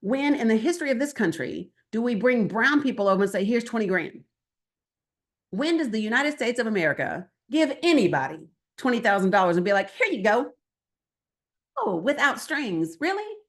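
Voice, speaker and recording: A woman speaking as a guest at a political training workshop, talking to a room in an animated, conversational way, asking the audience questions and acting out bits of dialogue. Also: a little high, brisk, hardly any pauses. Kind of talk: lively workshop talk to an audience.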